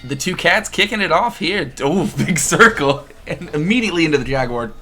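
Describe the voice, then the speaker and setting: A man doing casual, jokey play-by-play commentary for wrestling, excitable and swearing now and then. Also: fairly high pitch, brisk.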